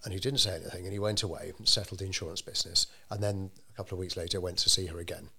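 A man telling a story in an interview, measured and unhurried, with frequent ums and restarts. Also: low voice, fairly even intonation, gravelly, bright, forceful tone, slightly rough. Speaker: interviewee telling local history. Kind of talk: conversational storytelling.

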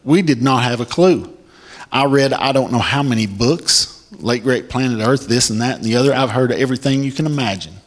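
A man preaching a sermon, reading scripture and commenting on it emphatically, his voice climbing high in excitement and now and then breaking into a shout. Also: fairly quick. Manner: emphatic, pitch swings high when excited.

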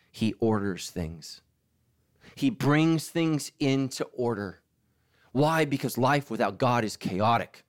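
A middle-aged man from Southern California, a pastor preaching a sermon and telling stories with acted-out voices. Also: medium pitch. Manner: animated storytelling, acts out quotes.

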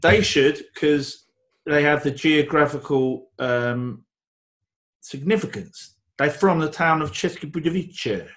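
A man's voice: fairly high pitch, unhurried, a bit bright. Rambling man talking beer. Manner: rambling, enthusiastic, with frequent restarts and fillers. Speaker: podcast co-host. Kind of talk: casual beer-tasting chat.

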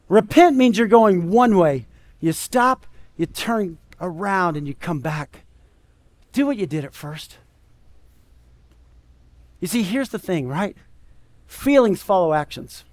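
A man's voice: high voice, animated, a little slow, long pauses, no echo. A man preaching a sermon as pastor, conversational and emphatic, full of rhetorical questions.

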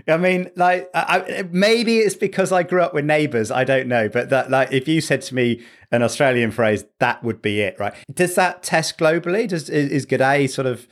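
A man's voice: fairly high pitch, moderate pace, few pauses. A man interviewing a guest in a casual, chatty way, often restarting his sentences. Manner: chatty, stammers on restarts, laughs easily.

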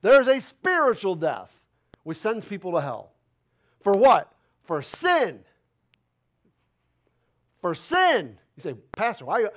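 A male pastor preaching a passionate sermon, asking rhetorical questions in casual folksy phrasing and rising to loud, emphatic declarations. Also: high voice, huge pitch swings, takes it slowly, long pauses. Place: church sanctuary.

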